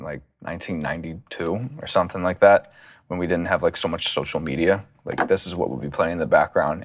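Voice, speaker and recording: A man in a recording studio, casually talking through song ideas and humming melody lines in falsetto as he goes. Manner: loose, thinking aloud, hums melody ideas in falsetto. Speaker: songwriting teacher and producer. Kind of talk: casual studio songwriting session.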